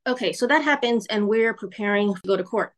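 A woman's voice: mid-range voice, brisk. A woman guest on a podcast, earnestly telling her own story and acting out what others said. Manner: earnest, re-enacts courtroom exchanges in quoted voices. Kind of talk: personal storytelling in an interview.

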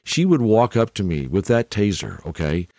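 Chuckling older man with a lively voice. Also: on the low side, moderate pace, dry recording, clean studio sound. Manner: chuckling often, tagging lines with "okay?". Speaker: podcast host. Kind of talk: casual storytelling monologue.

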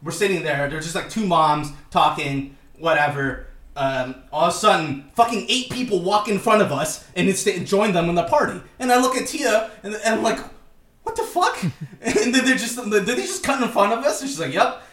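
A man co-hosting a podcast, telling stories in a casual, animated way, laughing often and swearing freely. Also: sits high, moderate pace, roomy sound. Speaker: podcast co-host. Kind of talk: casual storytelling chat.

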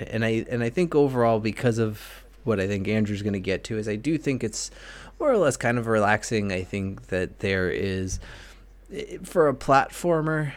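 A man from New England co-hosting a podcast, chatting casually about a video game with a hesitant, halting manner. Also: fairly low pitch. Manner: hesitant, restarts with ums. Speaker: podcast co-host.

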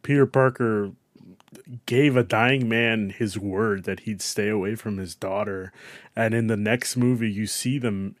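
Male podcast co-host, lower voice, dry wit. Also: fairly even intonation, a little slow, no room sound. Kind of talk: casual film chat.

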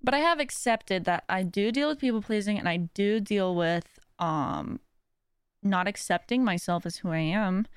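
A young woman hosting a podcast chats about her personal life in a self-mocking way, often breaking into laughter and mimicking others' words. Her medium-pitched voice moves at a moderate pace, with a clean tone and no echo.

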